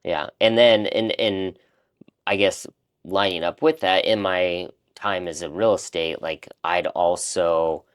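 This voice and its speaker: A man's voice: deep voice, steady tone, slow, smooth. A man co-hosting a casual talk, earnestly telling a personal story and acting out remembered conversations. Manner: earnest, reflective, acts out remembered dialogue. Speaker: life coach and podcast co-host.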